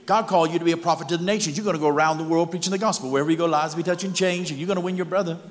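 A male preacher voicing a short, excitable Cajun man who makes loud, fervent pronouncements in a Cajun accent. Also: a little high, very fast, pitched above the performer's own voice, close to an everyday voice. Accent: Cajun (put on). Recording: long hall reverb with music behind.

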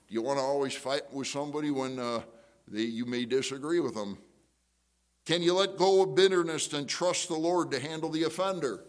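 A man preaching an evening church sermon, conversational, full of rhetorical questions and restarts, moving between loud challenges and quiet prayerful asides. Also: on the high side, moderate pace. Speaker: pastor.

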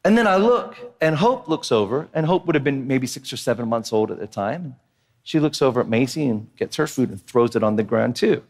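A man in his thirties preaching a sermon as pastor, telling a funny family story in an animated, joking way and often asking the crowd "right?". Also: mid-range voice, fairly quick. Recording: long hall reverb of a church.

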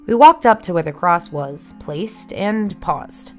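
Hushed, low-voiced woman storyteller. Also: lively intonation, slow pace, faint music behind. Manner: hushed, tense, dramatic. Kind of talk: first-person scary story narration.

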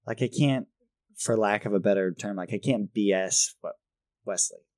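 Low-voiced rambling dad, dry close mic. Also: male voice, normal speed, a little mellow, no echo. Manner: rambling, self-deprecating, laughs often. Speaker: podcast co-host. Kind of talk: casual chat.

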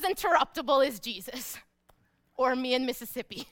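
High bright-voiced woman preacher. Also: a little slow. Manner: emphatic, dropping to hushed repeated phrases. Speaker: pastor. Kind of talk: sermon.

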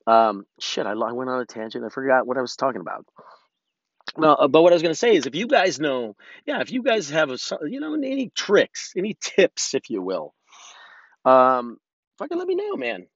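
A man's voice: mid-range voice, very animated, moderate pace, no room sound, dull audio. A man hosting a podcast alone, talking candidly and in a rambling way, swearing often and restarting his sentences. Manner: candid, self-reflective. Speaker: podcast host. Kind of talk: casual solo podcast monologue.

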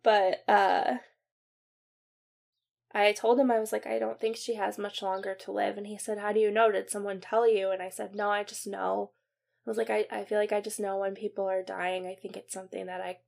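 A young woman recounts a painful family memory on her podcast. She speaks haltingly, with many fillers and restarts, and goes quiet and subdued at the hardest moments. Her pitch sits in a middle range. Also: creaky. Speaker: podcast host. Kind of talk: personal storytelling.

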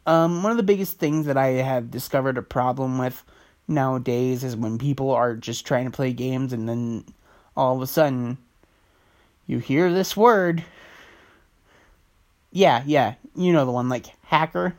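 A man's voice: medium pitch, a little slow, darkish tone. A man hosting his own podcast in a casual, rambling monologue, swearing freely as he talks. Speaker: podcast host.

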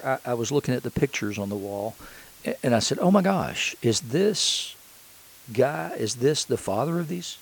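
Gravelly-voiced man preaching conversationally. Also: on the low side, darkish tone, low-quality recording. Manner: conversational, halting restarts. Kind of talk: sermon retelling a scripture story.

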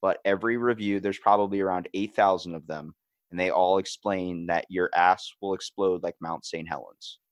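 A man's voice: sits low, steady tone, moderate pace, no echo. A man hosting a podcast in casual chat, telling stories animatedly, acting out the people he quotes, and swearing casually. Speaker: podcast host.

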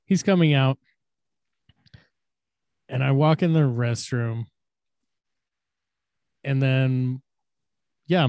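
A young man telling a crude, profane story in casual podcast chat, acting out shouted quotes. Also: mid-range voice, no echo, clean studio sound. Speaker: podcast co-host.

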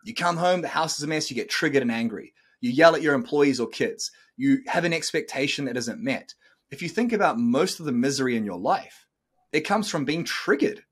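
A man's voice: medium pitch, animated, a little fast, slightly rough. A middle-aged man hosting a podcast, talking bluntly and coaching listeners, swearing freely. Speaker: podcast host. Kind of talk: casual podcast talk.

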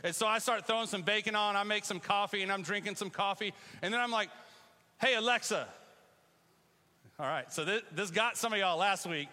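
Animated preacher with a bright, high voice. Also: male voice, brisk, in a large hall. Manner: conversational and animated, with bursts of loud call-and-response. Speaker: pastor. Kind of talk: sermon. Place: church sanctuary.

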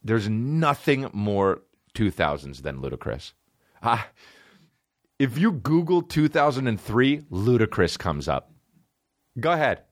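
A man's voice: lowish voice, very animated, a little slow, pauses often. A man hosting a comedy podcast, riffing in a rambling, profane, jokey way. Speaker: podcast host.

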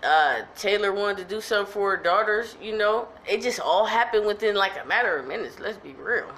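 A woman's voice: medium pitch, animated, fairly quick, fairly bright tone, a little hiss or hum. A woman hosting her podcast, telling the story in an emphatic, chatty way. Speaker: podcast host. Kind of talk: casual chat recapping a soap opera.

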